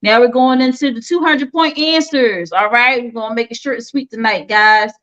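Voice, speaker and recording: A woman's voice: a little high, moderate pace, fairly bright tone, highs cut off. A woman hosting a casual online quiz show, playful and teasing with the players. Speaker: game show host.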